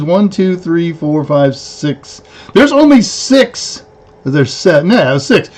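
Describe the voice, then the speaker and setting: A man's voice: fairly high pitch, darkish tone. A man hosting a weekly tech livestream, chatting casually in a rambling way, counting aloud and correcting himself. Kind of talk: casual live-stream chat.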